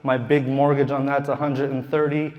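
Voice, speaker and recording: A man's voice: medium pitch, flat delivery, moderate pace, muffled recording. A man who is a real estate investor tells a casual, profane story to a live audience in a room, laughing as he goes. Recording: long hall reverb.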